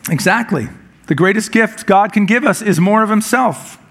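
Male pastor with a high voice, relaxed and joking sermon delivery, frequent word repeats. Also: moderate pace. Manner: conversational and humorous, with repeated words when restarting.

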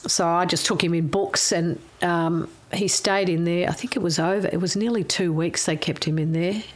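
An older Australian woman telling a candid personal story in a frank, wry, salty way, her voice going a little hoarse. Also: lowish voice, steady tone, normal speed. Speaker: interviewee.

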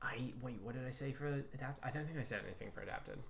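A man co-hosting a casual podcast, hesitant and animated, often restarting his sentences. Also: medium pitch, quick pace, creaky. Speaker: podcast co-host. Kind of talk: casual chat.

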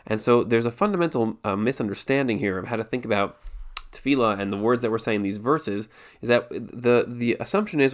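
A man's voice: medium pitch, fairly quick. A man giving a spoken lesson on Jewish law, thinking aloud with frequent restarts and repeated words. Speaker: Torah teacher.

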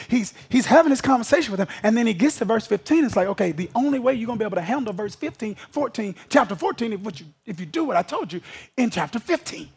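Preacher, male, very high voice with a raspy edge, call-and-response sermon delivery. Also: expressive, fast talker. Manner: emphatic call-and-response preaching, often asking if the congregation follows.

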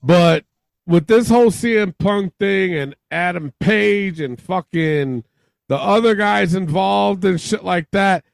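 A man's voice: sits high, slow, vocal fry, dry recording, low-quality recording. A man co-hosting a podcast in loose, rambling chat with plenty of swearing. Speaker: podcast co-host. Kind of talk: casual chat.

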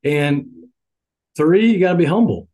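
A man's voice: on the high side, animated, unhurried, a little mellow. A middle-aged man, an assistant basketball coach, talking earnestly and getting fired up in a podcast interview.

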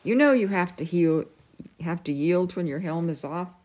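A woman's voice: lowish voice, lively intonation, moderate pace, a little mellow. A woman voicing a bumbling, whiny king in a storybook reading, petulant and plaintive. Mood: pleading. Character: bumbling, whiny middle-aged king, a knight.

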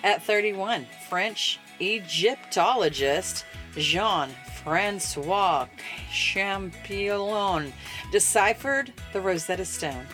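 A woman's voice: mid-range voice, expressive, drawn-out words, a bit bright, soft background music. A woman co-hosting a podcast, reading trivia in a playful, teasing casual chat and laughing often. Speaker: podcast co-host.

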